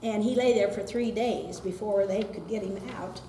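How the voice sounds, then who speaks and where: A woman's voice: mid-range voice, moderate pace, dark tone. A woman from the audience telling an informal, chatty story. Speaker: audience member sharing a story. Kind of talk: informal anecdote. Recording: roomy hall with background noise.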